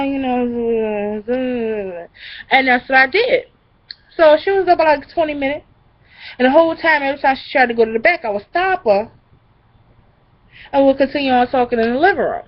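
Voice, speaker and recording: A young woman vlogger casually telling a story, acting out the people in it with lively voices. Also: sits high, moderate pace, highs cut off. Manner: animated, acts out the people in the story.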